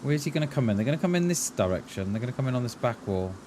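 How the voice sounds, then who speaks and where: Over a noisy background, a man with a medium-pitched, sing-song voice races through casual gaming commentary. He's a live streamer from Mid Wales with a light Mid Welsh accent, musing as he plays and answering viewers as "mate."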